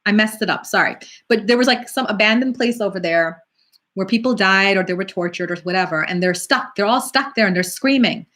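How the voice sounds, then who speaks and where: A middle-aged woman, a psychic medium, talking casually on a live stream and answering viewer questions in a chatty, animated way. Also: medium pitch, a little fast. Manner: chatty, animated, acts out quoted voices.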